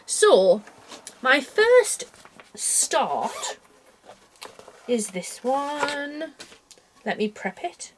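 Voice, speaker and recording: Talking to the camera in her bedroom, this UK woman meanders happily on about cross stitch, frequently poking fun at herself. She speaks very slowly and pauses often, her high voice swinging hugely in pitch, with a little hiss or hum on the recording.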